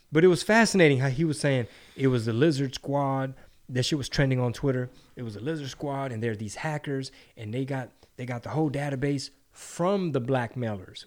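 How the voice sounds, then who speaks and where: A man chatting casually on a podcast. He swears freely and slangs it up, jumping into mocking impressions of people. His voice sits at an ordinary middle pitch. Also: darkish tone. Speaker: podcast co-host. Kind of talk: casual profane chat.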